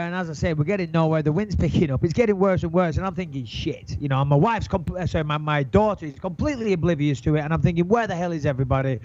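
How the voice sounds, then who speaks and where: A middle-aged man telling an animated, swearing anecdote in casual chat, acting out his own panic. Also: high-pitched, dry recording. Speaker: guest storyteller. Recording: dull lo-fi sound, dry.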